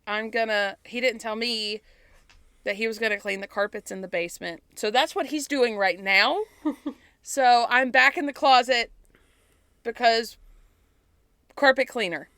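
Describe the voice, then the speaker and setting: A woman's voice: a little high, moderate pace, sharp tone, clear, resonant tone, no echo. A woman co-hosting a podcast in casual chat, talking a lot, laughing often and swearing casually, recording from a small home closet on a laptop. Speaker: podcast co-host. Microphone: laptop setup on a fold-out table.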